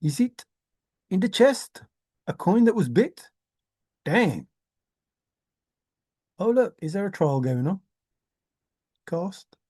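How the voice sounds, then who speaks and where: A woman's voice: medium pitch, very animated, slow, long pauses, warm tone, breathy edge, no room sound. An older woman rambling to herself in a musing monologue, repeating words in a singsong way and humming. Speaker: treasure hunt vlogger.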